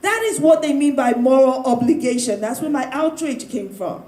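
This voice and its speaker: A woman speaking in a panel discussion, loud and emphatic, often breaking into laughter. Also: high voice, lively intonation, normal speed, few pauses. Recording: roomy, echoey sound.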